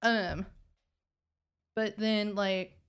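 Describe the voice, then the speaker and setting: A young adult with a light Texan accent talks in a loose, rambling way, full of "like" and false starts. The voice is smooth and clean, sitting at a middle pitch. It suits relaxed podcast talk. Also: female voice. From Texas. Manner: rambling, halting, many fillers and restarts. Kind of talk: casual podcast conversation.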